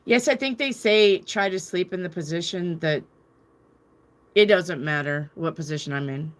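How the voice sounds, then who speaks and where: Woman, tarot reader, casual live-stream chat, lowish voice, rambling, candid, swears. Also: moderate pace. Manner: rambling, candid, swears freely, reads viewer comments aloud. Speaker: tarot reader and channel host.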